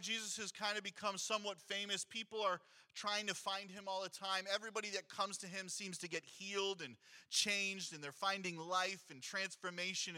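A man's voice: sits high, pushed and bright. A man, a pastor, preaching a sermon in a conversational way, reading scripture aloud and adding rhetorical asides to his congregation.

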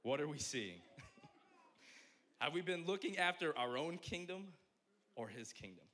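A young man preaching a sermon as pastor, joking and animated, swinging from loud exclamations to quiet asides. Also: fairly high pitch, a little slow.

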